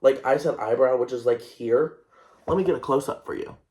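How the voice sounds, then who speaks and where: A young man hosting a podcast, telling a story in a casual, animated and self-conscious way, with lots of fillers. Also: medium pitch, brisk. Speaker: podcast host. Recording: echoey room.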